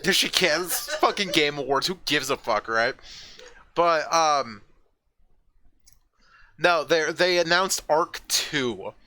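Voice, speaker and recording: A man streaming live, chatting casually and rambling, with frequent swearing and sudden excited outbursts. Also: a little high, takes it slowly, long pauses. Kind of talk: casual chat. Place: at home with a roommate nearby.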